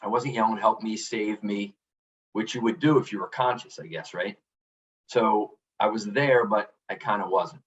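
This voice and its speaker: A man's voice: on the low side, moderate pace, far from the mic, lo-fi sound. A middle-aged man, a podcast guest, telling a personal story earnestly and reflectively, often restarting with "you know". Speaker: podcast guest, author and coach. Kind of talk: candid storytelling interview.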